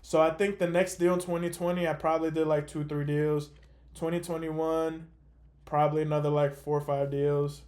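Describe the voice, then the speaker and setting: High-voiced man telling a story. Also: moderate pace. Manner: animated, chatty, lots of "like" and "man". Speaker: host. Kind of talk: casual storytelling on a call.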